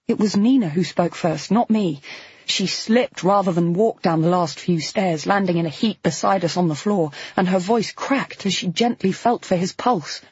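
A woman narrating a novel in the first person with an expressive, emotional reading. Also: medium pitch, moderate pace, breathy edge, no echo. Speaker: audiobook narrator. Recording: slightly dull, dry studio recording.

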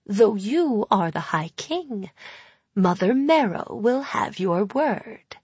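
A woman's voice: mid-range voice, expressive, darkish tone, breathy edge, no room sound. Woman voicing an ancient purring hag. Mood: sly. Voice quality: purring, whispery. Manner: sly, deliberate, cold. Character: ancient sly female hag, cold and menacing. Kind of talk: audiobook character voice.

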